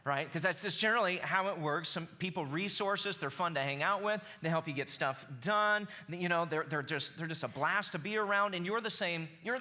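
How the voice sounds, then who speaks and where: A man's voice: on the high side, brisk, bright, forceful tone. A man in his forties with a Southern US accent preaching a sermon, conversational and building to emphatic bursts. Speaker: pastor.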